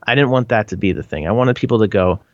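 A man's voice: lowish voice, expressive, quick pace, dry recording. A man with a Canadian accent answering interview questions casually, rambling with lots of fillers and restarts. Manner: rambling, frequent "like" and restarts, laughs often. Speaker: band member, interviewee. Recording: dull lo-fi dry sound.

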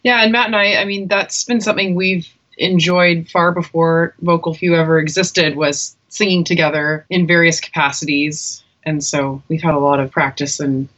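Bright, giggly woman singer. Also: fairly low pitch, steady tone, normal speed, hardly any pauses. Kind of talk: casual interview chat.

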